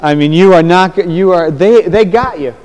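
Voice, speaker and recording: A man's voice: sits high, moderate pace. Emphatic male preacher in a big echoing hall. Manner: emphatic, animated, speaks in short phrases for interpreting. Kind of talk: sermon with live interpreter. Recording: long hall reverb.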